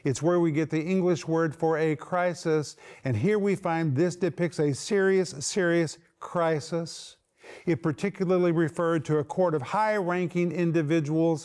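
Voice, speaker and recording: A man's voice: on the high side, moderate pace, a little mellow. A man giving a teaching sermon, explaining words one by one with strong emphasis. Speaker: Bible teacher.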